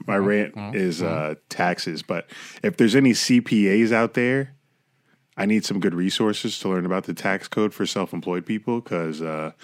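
A man with a very deep voice co-hosts a podcast from his room. He talks in a loose, joking way with plenty of swearing. The recording is close and dry. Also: no echo. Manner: joking, profane, laid-back. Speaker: podcast co-host. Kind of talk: casual podcast chat. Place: home room lit by a ring light.

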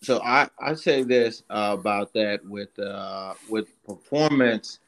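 A man co-hosting a casual podcast chat, explaining his points in a slow, measured way. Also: on the low side, fairly bright tone. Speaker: podcast co-host, submariner.

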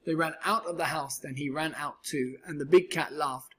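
A man's voice: a little high, steady tone, moderate pace, hardly any pauses, bright, forceful tone. A man reading a rhyming children's storybook aloud with a rhythmic, sing-song delivery. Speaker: storybook reader.

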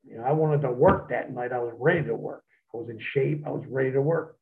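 A man, a wrestler, telling profane, animated stories as an interview guest over a phone line. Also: mid-range voice, fast talker, vocal fry. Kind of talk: storytelling in an interview.

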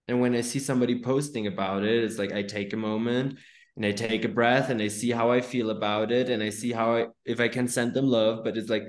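A man hosting a podcast, talking casually with lots of swearing and fillers. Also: mid-range voice. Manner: swears freely, many fillers and restarts. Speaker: podcast host. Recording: roomy echo.

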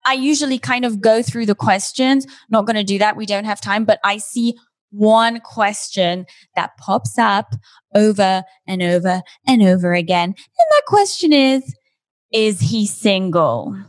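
A woman's voice: medium pitch, fairly even intonation, moderate pace, dry recording. Chatty woman host, close and dry. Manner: chatty, laughing, candid with swearing. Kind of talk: casual interview chat.

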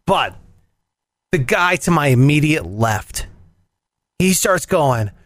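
A man telling a story in casual chat, animated, swearing and acting out voices. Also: a little high, slow pace, no room sound, clean studio sound.

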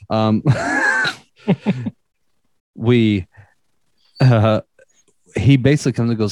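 A man's voice: fairly low pitch, measured pace, pauses often, dry recording, clean studio sound. A young man telling a story in casual chat, rambling and profane, with many fillers.

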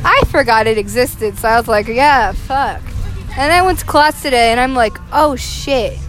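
A woman's voice: fairly high pitch, moderate pace, faint music behind. A teenage girl on a bus telling a rambling, profane story in casual chat as a student podcast co-host.

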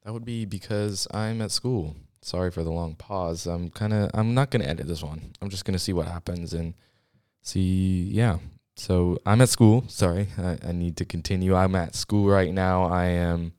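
A man's voice: deep voice, normal speed, a little mellow, smooth, no room sound, studio quality. Breathless young man on a podcast. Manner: rambling, restarts often, short of breath. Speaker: podcast host. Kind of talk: casual solo podcast chat. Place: small school podcast studio. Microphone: studio microphone.

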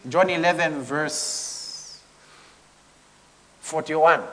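A man preaching a sermon with passion, moving from hushed tones to shouting and at times speaking in tongues. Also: a little high, drawn-out words, big-room sound. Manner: impassioned, swings between hushed and shouting.

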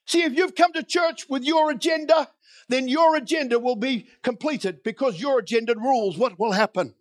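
High-voiced man preaching with emphatic repetition. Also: normal speed, no room sound. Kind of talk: sermon. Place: church.

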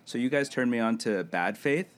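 A man's voice: mid-range voice, animated, moderate pace. A man co-hosting a podcast in casual chat, complaining in a ranting way. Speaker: podcast co-host.

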